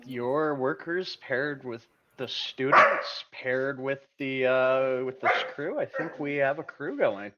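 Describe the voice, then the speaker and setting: A man playing in a tabletop game from home, relaxed and laughing easily. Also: mid-range voice, slow, hardly any pauses, lo-fi sound, very noisy. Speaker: player. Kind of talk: casual tabletop game chat. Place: at home with his dog.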